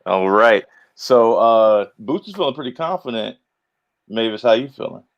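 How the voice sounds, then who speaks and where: A man's voice: mid-range voice, lively intonation, moderate pace. A man hosting a casual livestream trivia game, chatty and upbeat with announcer-style hype and many fillers, over muffled lo-fi audio. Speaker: trivia game show host.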